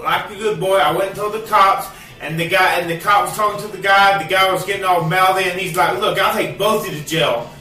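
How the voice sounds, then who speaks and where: A man ranting to the camera at home in a bitter, profane vlog, now and then bursting into shouts. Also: high-pitched, echoey room, far from the mic. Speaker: vlogger. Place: cluttered home, indoors.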